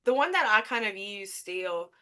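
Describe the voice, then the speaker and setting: A woman with a Louisiana accent chatting casually, animated and teasing. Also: medium pitch, normal speed, smooth, dry recording. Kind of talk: casual chat.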